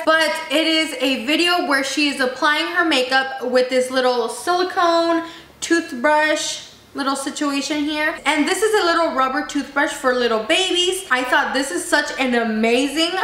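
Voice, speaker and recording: A woman's voice: high-pitched, pushed and bright. A young woman with a slight lisp from braces, gushing to her viewers as she tests a makeup tool in a casual vlog. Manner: bubbly, gushing, addresses viewers as you guys. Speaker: beauty vlogger. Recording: echoey room with faint noise.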